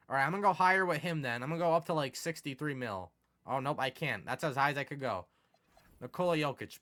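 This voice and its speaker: Bright-voiced excitable young gaming commentator. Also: male voice, mid-range voice, quick pace. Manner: excitable, swings from mumbling to exasperated yelling. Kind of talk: casual gameplay commentary.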